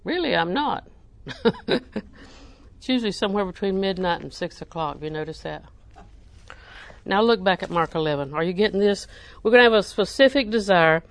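A woman preacher, delivering a sermon with animated emphasis that rises to near-shouting. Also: mid-range voice, normal speed.

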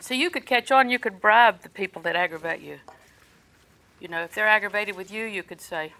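Bright-voiced older woman preaching. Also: mid-range voice, sing-song, moderate pace, gravelly, long pauses, low-quality recording. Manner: folksy storytelling, dropping to soft tones. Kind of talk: sermon.

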